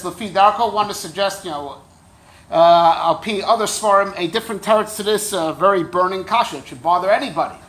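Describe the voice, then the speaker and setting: A man's voice: sits high, fairly bright tone, a little hiss or hum. A man teaching a Torah class as a rabbi, conversational and wry, often checking in with his listeners. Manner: conversational, keeps checking in with "right?"; wry, joking asides.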